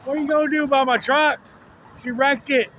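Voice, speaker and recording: A man's voice: extremely high pitch, fairly even intonation, normal speed, a bit bright, slight background noise, voice pushed up. A man doing an indignant young skater guy. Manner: exasperated, raised voice.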